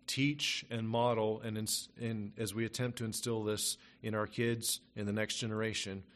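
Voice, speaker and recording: A man preaching a sermon, reading scripture aloud in old wording and then explaining it in plain, earnest talk. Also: lowish voice. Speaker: pastor.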